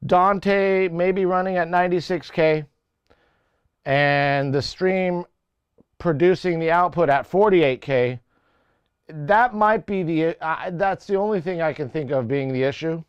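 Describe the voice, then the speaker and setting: A man's voice: a little high, measured pace, clear, resonant tone, no echo, lo-fi sound. A man hosting a casual livestream and talking through audio settings in his home music studio. He rambles and corrects himself as he thinks aloud on a lapel mic. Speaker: livestream host. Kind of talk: casual technical chat. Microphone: lavalier mic.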